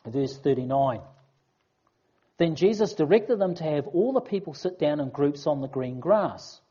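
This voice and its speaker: A preacher giving a conversational, expressive sermon and reading scripture aloud. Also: mid-range voice, unhurried, breathy edge, muffled recording.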